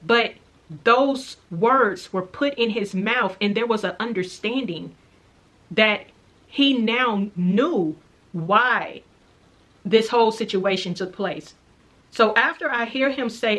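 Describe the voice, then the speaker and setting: This faith vlogger, speaking in a fairly bright, slightly high voice, relates her dream with earnest reflection. Her pace is slow and casual, and she goes back over the key parts more than once.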